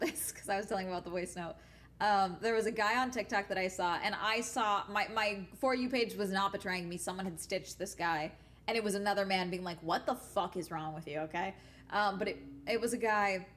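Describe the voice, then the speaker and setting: A woman's voice: medium pitch, a little hiss or hum. Blunt, profane young woman streamer. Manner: blunt and profane, animated storytelling. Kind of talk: casual chat on a stream.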